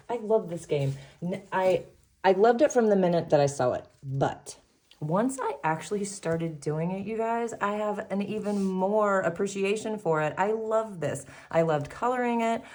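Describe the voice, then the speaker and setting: A woman's voice: medium pitch, darkish tone. A woman hosting a savings challenge vlog, chatting casually and upbeat with viewers, laughing often and a little out of breath. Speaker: savings challenge video host. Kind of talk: casual chat to viewers while doing crafts.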